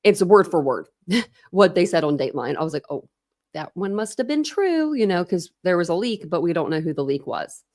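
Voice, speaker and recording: A woman's voice: lowish voice, brisk, darkish tone. A woman in her thirties hosting a true crime livestream, chatting casually, laughing and greeting viewers by name.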